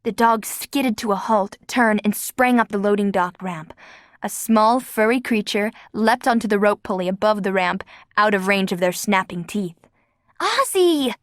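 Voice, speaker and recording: A woman's voice: medium pitch, steady tone, normal speed, no room sound, studio quality. A woman narrating an audiobook with a vivid, dramatic reading. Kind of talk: scripted narration.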